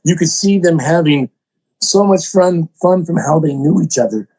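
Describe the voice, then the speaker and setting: An older man, a songwriter and producer, telling animated stories in an interview, acting out other people's voices and poking fun at himself. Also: a little high, moderate pace, slightly rough, poor audio. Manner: excitable, acts out voices in quotes, self-mocking.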